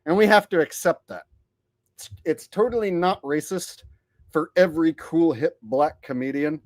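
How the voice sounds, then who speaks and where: A man's voice: a little high, normal speed, no room sound, studio quality. A man hosting a casual commentary monologue, sardonic and conversational. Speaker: commentary channel host.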